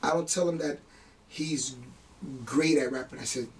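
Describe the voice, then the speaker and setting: A man's voice: on the high side, normal speed, distant mic, background noise. A man, a music producer, chatting in an interview, telling family stories with laughs and some emotion. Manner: emotional, laughing, animated storytelling. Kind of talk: casual interview chat.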